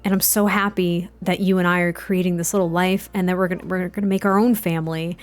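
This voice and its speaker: A woman voicing a guarded young man, an expectant father, who talks in an earnest, halting way. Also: lowish voice, level tone, faint music behind, close to an everyday voice. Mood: tender.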